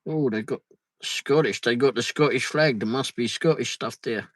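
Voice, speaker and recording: This man hosts a casual live stream from a vehicle on the road, speaking at a moderate pace in a medium pitch. He reads viewer comments and mutters side remarks. The audio is dry and poor.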